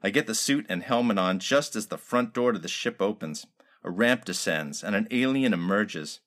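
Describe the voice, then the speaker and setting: A man reading a comic detective story aloud in a wry, deadpan hard-boiled manner. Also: on the low side, moderate pace.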